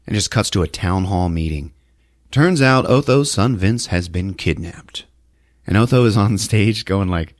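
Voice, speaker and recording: A man hosting a podcast, recapping a film in a jokey, animated storytelling manner. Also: low voice, normal speed, dry recording, studio quality. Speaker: podcast host. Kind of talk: casual movie recap.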